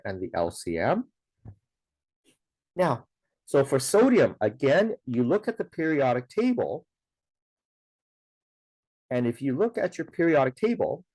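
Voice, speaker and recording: Slow, lively-pitched male teacher. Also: dry recording. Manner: slow, patient explaining with frequent "okay" and "now". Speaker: science teacher. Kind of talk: recorded classroom lesson.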